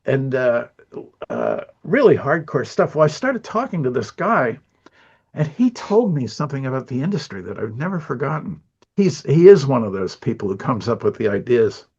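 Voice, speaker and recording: An older male animator, appearing as an interview guest, tells rambling stories full of chuckles in a casual chat. His medium-pitched voice swings widely in pitch at a moderate pace, sounding a little mellow and husky on a lo-fi recording.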